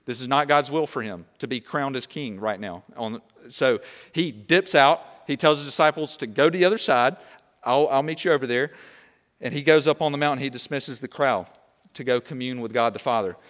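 A young man preaching a sermon, animated and conversational, often checking in with "okay?". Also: mid-range voice, moderate pace, big-room sound. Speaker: pastor.

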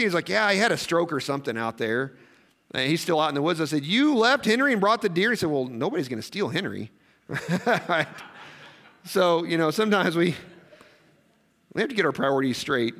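A man preaching a sermon, telling stories in a conversational way with quick asides and questions to the congregation. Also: fairly high pitch, fairly bright tone. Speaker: pastor.

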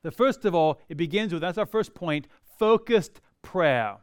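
A pastor delivering a sermon, building to emphatic outbursts and slowing on key phrases. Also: male voice, fairly high pitch, animated, clear, resonant tone, no echo, clean studio sound. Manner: preaching with rising emphatic outbursts and slow drawn-out key phrases.

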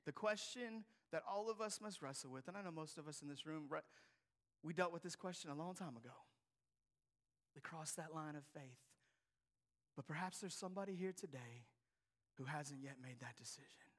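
A man preaching a sermon to a congregation, swinging from hushed, near-whispered lines to loud, emphatic passages. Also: fairly high pitch, normal speed, pauses often. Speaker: pastor. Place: church hall before a congregation.

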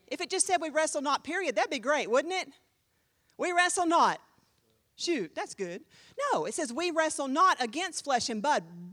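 Woman pastor, high voice swinging all over the place, punchy conversational preaching. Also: fairly bright tone. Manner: emphatic, conversational preaching with sudden jumps in volume. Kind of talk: sermon teaching.

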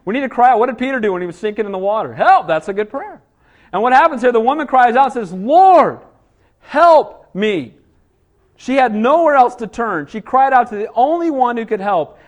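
A man preaching a sermon, a father of small children, full of rhetorical questions and frequent calls of "Amen?" to the congregation. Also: high voice. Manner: call-and-response, asks "Amen?" often; rhetorical questions, rising to emphatic cries. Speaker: pastor.

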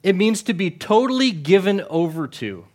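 A man's voice: high voice, sing-song, moderate pace, darkish tone. A middle-aged male pastor giving a conversational sermon, often asking the congregation questions and repeating words.

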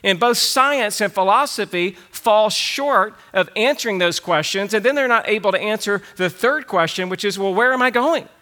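A man's voice: high voice, moderate pace, hardly any pauses, pushed and bright. A man preaching a sermon, declaring his points with conviction and repeating key phrases for emphasis. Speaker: pastor.

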